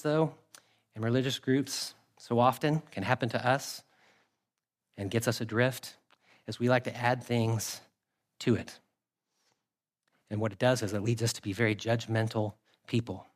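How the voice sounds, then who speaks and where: A man preaching a sermon with a mid-range voice. He talks to the congregation in a relaxed, conversational way and reads scripture in a steady cadence. He leans on repeated phrases to drive his points home. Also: medium pitch. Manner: conversational preaching with emphatic repetition. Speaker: pastor.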